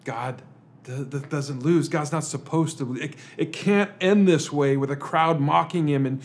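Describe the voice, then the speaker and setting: A man's voice: a little high, normal speed. Man preaching with dramatic rhetorical questions. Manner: rhetorical questions, swings between emphatic and hushed. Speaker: pastor. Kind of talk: dramatic Good Friday sermon.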